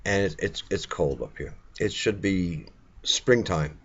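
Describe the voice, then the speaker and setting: A man's voice: sits low, unhurried, fairly bright tone, husky. Joking older man, lo-fi. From Brooklyn, New York. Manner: joking, teasing, rambling banter. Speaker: vlogger. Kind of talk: casual home video chat.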